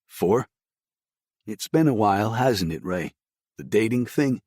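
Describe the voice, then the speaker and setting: A man's voice: fairly low pitch, expressive, a little slow, a little mellow, no echo, clean studio sound. A man voicing a casual, teasing male coworker in an audiobook.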